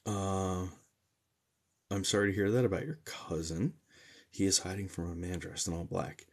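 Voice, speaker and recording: A man's voice: deep voice, fairly even intonation, moderate pace, creaky. A young man from New Jersey, a medium, chatting casually and joking as he reads out and answers livestream comments.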